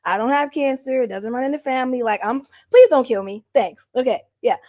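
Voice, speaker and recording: A woman's voice: high voice, a little fast. A young adult woman telling candid stories in an interview, laughing often and acting out what people said. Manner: animated, laughs often, acts out quotes. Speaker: guest.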